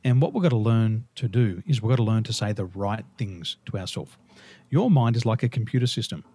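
An Australian man, a guest on an interview, telling lively stories and laughing through them. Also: fairly low pitch, fairly quick, dry recording. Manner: animated, laughs through his own stories. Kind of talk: casual storytelling interview.

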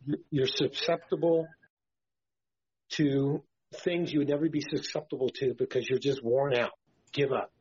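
A man's voice: medium pitch, steady tone, moderate pace, a little mellow, a little hiss or hum. A tired man co-hosting a Christian podcast, rambling and stammering as he preaches in casual talk. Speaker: podcast co-host. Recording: dull lo-fi podcast audio.

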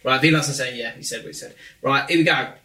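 A man's voice: mid-range voice, quick pace. A man, co-hosting a podcast in casual banter and acting out quotes as he tells stories. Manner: animated storyteller, acts out quotes. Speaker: podcast co-host. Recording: echoey room, mic at a distance.

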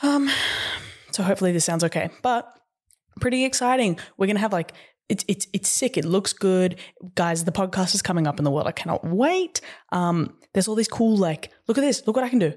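A woman's voice: mid-range voice, animated, a little fast, a little mellow. A young woman on a casual podcast, bubbly and self-deprecating. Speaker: podcast co-host.

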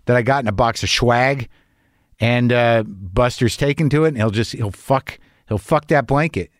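An older man hosts a podcast with a profane, rambling, neurotic comedy riff and some casual conversation. His voice is mid-range, heard in studio quality with no room sound.

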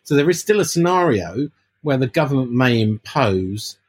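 A man's voice: medium pitch, big pitch swings, normal speed, husky. A man co-hosting a casual football podcast, stammering and restarting as he explains a point. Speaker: podcast co-host. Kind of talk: casual chat.

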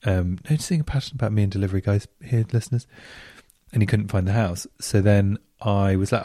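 A man hosting a radio show, reading out listener stories in casual chat, camp and animated, swooping up into exclamations. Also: fairly low pitch, fast talker, dry recording, clean studio sound.

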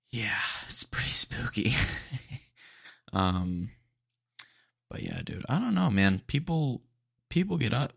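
A man's voice: on the low side, gravelly, slightly rough, no echo, studio quality. A man hosting a podcast, chatting casually and rambling with lots of fillers and laid-back slang. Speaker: podcast host.

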